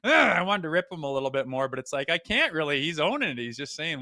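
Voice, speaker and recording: A man's voice: a little high, sing-song, fast, sharp tone, no room sound, clean studio sound. A man co-hosting a hockey talk show, speaking animatedly with sarcasm and some swearing. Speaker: podcast co-host. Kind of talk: casual sports chat.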